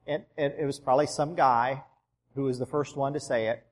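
A man's voice: mid-range voice, steady tone, fairly quick. Man preaching in an echoing church. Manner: storytelling, conversational, dropping soft for emphasis. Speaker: pastor. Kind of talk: sermon.

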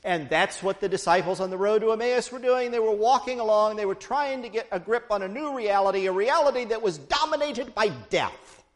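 A man's voice: sits high, fairly quick, hardly any pauses. A man preaching a sermon, retelling a story with playful asides to the congregation.

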